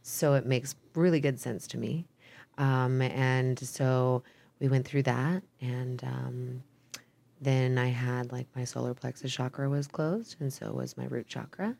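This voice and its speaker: A woman's voice: rumbling low, steady tone, unhurried, creaky, mellow. A young woman from Idaho, a podcast guest talking in a casual, rambling way, full of "like" and "um," swearing freely. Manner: rambling, frequent "like" and "um", candid with swearing. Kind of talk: casual chat.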